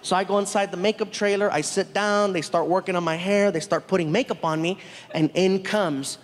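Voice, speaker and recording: A male stand-up comedian telling an animated story on stage, acting out the people in it. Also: high-pitched, fairly quick. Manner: animated, laughing, acts out every character. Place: on stage in a large venue. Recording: stand-up special with hall reverb.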